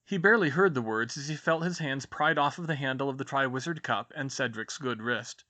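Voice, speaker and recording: A man narrating a fan fiction audiobook chapter in an expressive, dramatic reading style. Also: mid-range voice, fairly quick.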